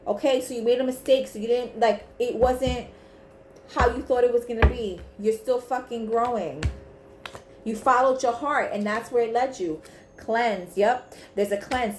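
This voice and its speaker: A woman's voice: fairly high pitch, a little hiss or hum. Blunt, cussing woman tarot reader. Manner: blunt, emphatic, swears freely. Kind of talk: casual tarot reading to camera. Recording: echoey room with faint ambience.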